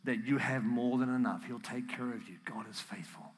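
A man preaching a sermon, earnest and emotional, at times close to tears, building up to animated emphasis. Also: mid-range voice, normal speed. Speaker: pastor.

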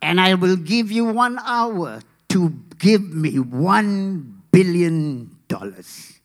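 A man voicing a menacing Russian movie villain who delivers slow, booming threats. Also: animated, full character voice.

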